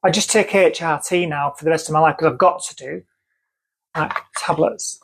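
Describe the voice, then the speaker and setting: A woman's voice: low-pitched, moderate pace, creaky, husky. A woman with a North Manchester accent telling a personal story to camera, earnest and emphatic, repeating phrases for stress. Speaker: vlogger.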